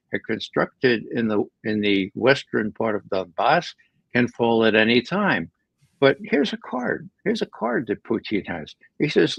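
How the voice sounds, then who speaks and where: Male guest analyst, gravelly, emphatic, stumbles and restarts; dry, muffled recording. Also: medium pitch, a bit bright, dry recording. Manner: emphatic, with frequent repeated words and restarts. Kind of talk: conversational political commentary.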